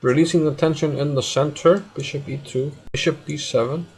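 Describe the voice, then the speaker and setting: Icelandic man, live chess commentary, gravelly, rattles off moves. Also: a little high, steady tone, brisk, darkish tone. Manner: calls out moves in short bursts.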